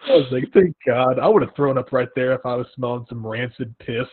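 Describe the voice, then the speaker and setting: Husky young man telling stories on a tinny line. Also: medium pitch, a little fast, no echo. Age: young adult. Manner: animated storytelling with acted-out quotes. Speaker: podcast host. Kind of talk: casual chat. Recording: tinny phone-like line, dry.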